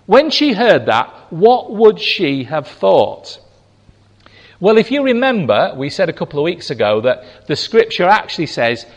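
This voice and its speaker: A man delivers a sermon at an unhurried, deliberate pace. His voice sits fairly high for a man and swings widely in pitch as he acts out quoted lines. A long hall reverb trails each phrase. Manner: slow and emphatic, voicing quotes with animated pitch swings. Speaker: preacher.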